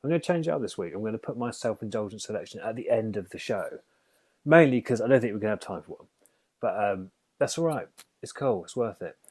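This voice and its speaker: A man's voice: on the low side, expressive, fast talker, darkish tone, slightly rough, no room sound. A man presenting a local radio music show in a chatty, self-deprecating way.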